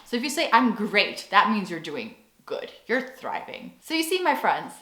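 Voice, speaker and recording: American woman vlogger, young adult, animated and playful, recorded in an echoey room. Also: fairly high pitch, normal speed. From United States. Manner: animated, playful, acts out quoted phrases. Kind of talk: casual talking-head vlog.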